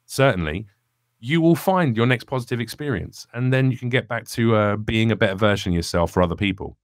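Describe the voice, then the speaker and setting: A man's voice: fairly low pitch, animated, fairly quick, no room sound, studio quality. A young man, a comedian guest talking earnestly and reflectively in a candid podcast conversation. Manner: earnest, reflective, rambling with restarts.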